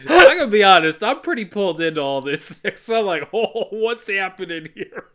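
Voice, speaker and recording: A man co-hosting a podcast, retelling a movie's plot with profane jokes, frequent laughter and quick impressions of the characters. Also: sits high, lively intonation, fairly bright tone. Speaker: podcast co-host. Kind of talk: casual movie recap narration.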